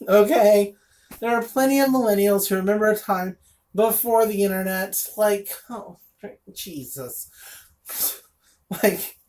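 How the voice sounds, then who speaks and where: A woman's voice: medium pitch, a little mellow. A woman reviewing a comic in casual chat, blunt and sarcastic, with lots of fillers and asides.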